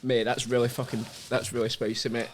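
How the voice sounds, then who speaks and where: Laughing podcast host. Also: male voice, mid-range voice, little pitch movement, fairly quick, slight background noise. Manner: laughs often, swears. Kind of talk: casual banter.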